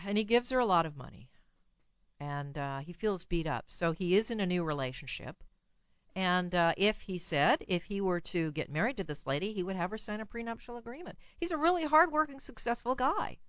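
Blunt, lively woman on radio. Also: medium pitch, normal speed, dry recording, muffled recording. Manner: blunt, animated, laughs at her own remarks. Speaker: radio psychologist and call-in host. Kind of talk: radio advice talk.

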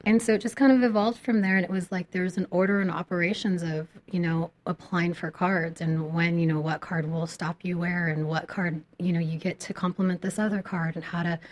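A woman guest with a slightly raspy voice, explaining credit in a relaxed, casual way with many fillers. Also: lowish voice, a little fast, few pauses. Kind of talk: casual interview chat.

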